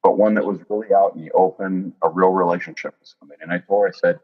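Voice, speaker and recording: A man in his fifties telling his own story in an interview, earnest and lively, often quoting what others said. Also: low voice, very fast, narrow, tinny audio. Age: 50s. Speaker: interview guest. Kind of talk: candid personal storytelling.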